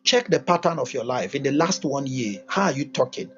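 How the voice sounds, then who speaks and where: A man's voice: mid-range voice, expressive, a little fast, fairly bright tone, faint music behind. A man giving a livestreamed motivational talk, emphatic and repetitive, asking lots of rhetorical questions. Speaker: motivational teacher. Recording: dull lo-fi recording.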